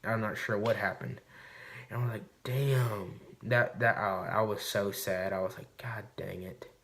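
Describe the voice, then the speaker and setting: A man's voice: fairly low pitch, steady tone, a little slow, a bit bright. A man vlogging to camera, telling a hunting story in a rambling, swearing, casual way. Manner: rambling and profane, recounting a hunt.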